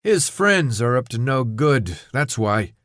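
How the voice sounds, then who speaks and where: A tired, irritable guard giving blunt orders, as the narrator reads him. The delivery is clipped and impatient, and the recording is dry and close. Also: male voice, medium pitch, sing-song, slow pace, a bit bright, no room sound. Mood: curt. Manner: curt, weary. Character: weary, irritable male armored guard.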